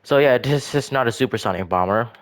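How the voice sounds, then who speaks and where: Casual male gaming commentator, mid-pitched, halting and self-correcting as he talks through his builds. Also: a little hiss or hum. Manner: rambling, hesitant, frequent restarts and self-corrections. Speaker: gaming video creator.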